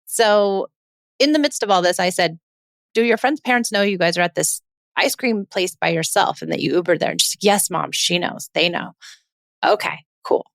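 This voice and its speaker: A woman in her forties hosting a parenting podcast, telling a family story in a chatty, animated way and acting out the quoted lines. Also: medium pitch, a little fast, creaky, no echo, studio quality. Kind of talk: casual storytelling monologue.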